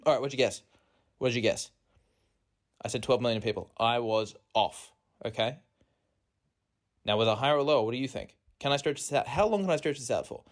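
A man talking solo into a phone in a rented flat, spinning out a meandering comic monologue at a mid-range pitch. He keeps mocking himself and his voice leaps suddenly upward on asides. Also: a little fast, long pauses. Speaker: podcast host. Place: rented apartment. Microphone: phone recording.

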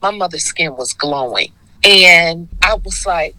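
Bright-voiced woman in her sixties. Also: lowish voice, unhurried, no room sound, poor audio. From Detroit. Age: 60s. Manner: animated storyteller, acts out quoted voices. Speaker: guest, skincare founder. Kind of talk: casual storytelling interview.

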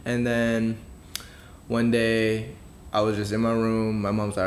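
A man's voice: fairly low pitch, flat delivery, slow, slight background noise. A young man co-hosting a casual podcast, telling a personal story in a laid-back, slang-heavy way. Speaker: podcast co-host. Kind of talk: casual chat.

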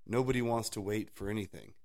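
Low-voiced man rambling through stories. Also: quick pace, creaky, crowd noise. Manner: rambling, laughs often, animated storytelling. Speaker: podcast co-host. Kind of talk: casual faith chat.

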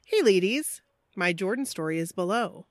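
A woman's voice: mid-range voice, lively intonation, moderate pace, no room sound. A woman co-hosting a podcast in casual chat, reading a listener's story aloud and breaking off for laughing asides. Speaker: podcast co-host.

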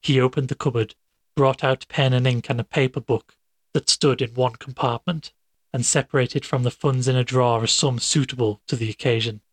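A man narrating a classic tale as an audiobook, in a measured, dramatic way. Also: mid-range voice, steady tone, husky, no echo.

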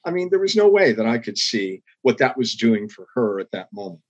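Older guy telling stories in an interview, kinda husky, earnest, slightly muffled audio. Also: mid-range voice, sing-song, brisk. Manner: earnest, reflective storytelling with emphatic rises. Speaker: interview guest, former public TV executive. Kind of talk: storytelling interview.

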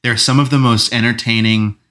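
Bright-voiced man hosting a movie podcast. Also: mid-range voice, fairly even intonation, fairly quick. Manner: enthusiastic, swears casually, laughs often. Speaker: podcast host. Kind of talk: casual movie podcast chat. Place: room recorded together in person.

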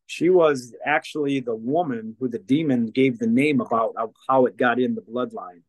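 A man, a guest in a conversation, telling a personal story in a lively way and acting out the dialogue of the people in it. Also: medium pitch, normal speed, no room sound, low-quality recording. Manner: lively storyteller who acts out quoted dialogue. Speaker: guest, deliverance minister and former counselor. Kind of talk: storytelling testimony in casual conversation.

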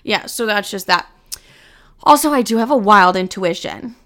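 Woman podcaster, bright crisp voice, super candid and sweary, casual chat. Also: medium pitch, moderate pace. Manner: candid, profane, animated, acts out her own quoted lines. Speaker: podcast host.

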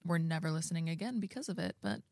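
Wry teasing podcast woman, lowish voice. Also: sing-song, fast, a little mellow, no echo, studio quality. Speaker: podcast co-host. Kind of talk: casual chat.

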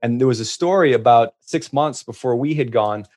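A man telling travel stories as a guest in casual chat, restarting often and getting lively in the punchlines. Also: mid-range voice, normal speed. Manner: animated storyteller, many restarts.

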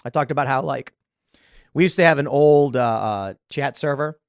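A man's voice: mid-range voice, normal speed, no room sound, studio quality. A man hosting a podcast, delivering an exasperated opinion rant with frequent laughs and repeated words. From United States. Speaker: podcast host.

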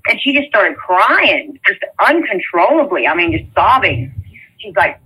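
A woman's voice: mid-range voice, big pitch swings, fairly quick, bright, forceful tone, husky, poor audio. Woman telling a rambling story. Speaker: interviewee. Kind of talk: casual spoken recounting.

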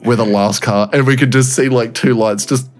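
A man's voice: mid-range voice, fairly even intonation, moderate pace, faint music behind. A man co-hosting a podcast, telling a story in casual chat, laughing often and swearing freely. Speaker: podcast co-host.

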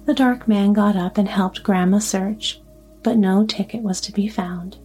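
A woman narrating a story aloud in a steady, even storybook reading. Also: mid-range voice, measured pace, faint music behind. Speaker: audiobook narrator.

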